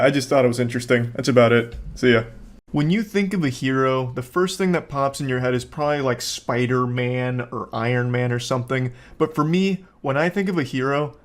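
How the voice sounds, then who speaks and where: Sarcastic man ranting in exasperation. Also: mid-range voice. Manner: sarcastic, exasperated ranting with mock-groveling voices. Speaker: commentary YouTuber. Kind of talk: profane comedic commentary.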